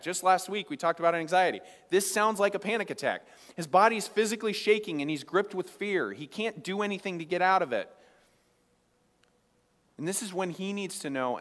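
Guy pastor giving a sermon, kinda high voice, chatty asides, big echoey hall. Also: fairly bright tone. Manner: conversational preaching with acted asides. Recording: long reverb of a hall.

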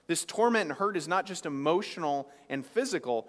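A man preaching a sermon as pastor, conversational, dropping into quick acted asides. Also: on the high side, expressive, a bit bright. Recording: long reverb of a hall.

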